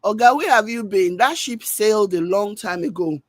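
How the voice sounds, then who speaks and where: A woman's voice: mid-range voice, expressive, moderate pace, dry recording. Emphatic Nigerian woman giving her reactions. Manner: emphatic and scolding, with pidgin asides. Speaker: reaction video host. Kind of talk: opinionated reaction commentary.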